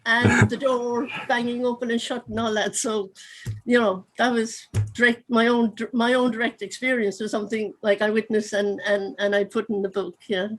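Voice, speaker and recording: A woman's voice: on the high side, flat delivery, moderate pace, low-quality recording. A woman with a Cork accent, an author chatting over a video call, rambling with lots of asides. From Ireland. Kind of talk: casual conversation.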